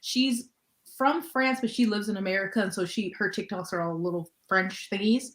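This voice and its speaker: A woman's voice: medium pitch, fairly even intonation, moderate pace. A woman in casual chat on a book club stream, rambling and laughing, with a lot of "like" in her speech. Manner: chatty, lots of "like" and laughter. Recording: roomy echo.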